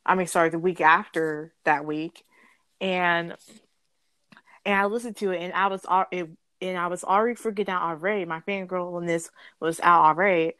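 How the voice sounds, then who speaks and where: A woman's voice: fairly low pitch, steady tone, normal speed, a bit bright, dry recording. A young woman telling a story in a bubbly, rambling way, often correcting herself and giggling. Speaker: guest storyteller. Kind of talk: casual storytelling.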